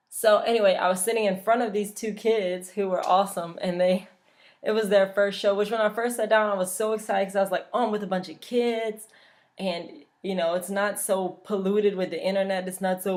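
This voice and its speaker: A woman's voice: mid-range voice, fairly even intonation, brisk, a little mellow. A young woman from Louisiana, chatting casually and bluntly, swearing freely as a vlogger. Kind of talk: casual chat.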